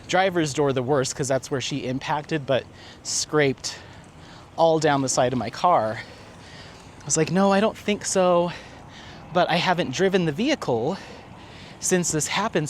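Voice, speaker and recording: A man with a slightly high voice tells a story in a chatty, animated way, laughing now and then as he walks outside. Faint traffic and street noise sit behind him, picked up by a handheld camera. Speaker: vlogger. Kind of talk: casual storytelling while walking. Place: outdoors on a city street.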